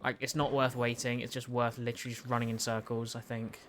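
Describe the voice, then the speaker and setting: A man's voice: mid-range voice, little pitch movement, fast talker, a bit bright, a little hiss or hum. A young British man with a British accent streams a game live, chatting casually, stumbling over restarts and answering his chat as he plays. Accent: British English. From United Kingdom.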